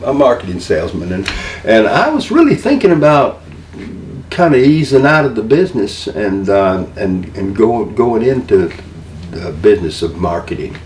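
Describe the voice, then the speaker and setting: An older man, a wrestling manager, telling stories in an interview, halting and rambling and acting out the voices of the people he quotes. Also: lowish voice, very animated, darkish tone. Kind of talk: storytelling interview. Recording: roomy room, mic a little far, faint noise.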